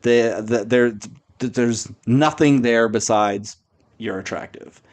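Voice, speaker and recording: A man's voice: medium pitch, slow pace. A man hosting a podcast, chatting casually and bluntly about movies, rambling with frequent restarts. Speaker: podcast host. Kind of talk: casual movie review chat.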